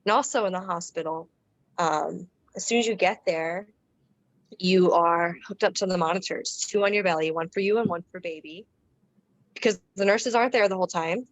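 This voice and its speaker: A woman guest on a podcast, casually telling a personal story in a relaxed, chatty way with fillers and restarts. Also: fairly low pitch, moderate pace, no echo, low-quality recording.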